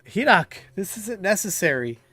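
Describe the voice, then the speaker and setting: A man's voice: high voice, sing-song, normal speed, bright, forceful tone, slightly rough, no room sound, voice pushed up, heavily acted. A man voicing a distraught young woman warrior who pleads tearfully with a friend who is attacking her. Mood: pleading.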